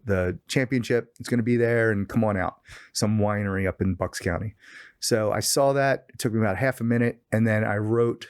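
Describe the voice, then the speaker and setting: A man's voice: on the low side, no echo, studio quality. A middle-aged man as a podcast guest, telling a story in casual chat and acting out quoted lines in a raised voice. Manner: animated storyteller, acts out quoted dialogue with raised voice.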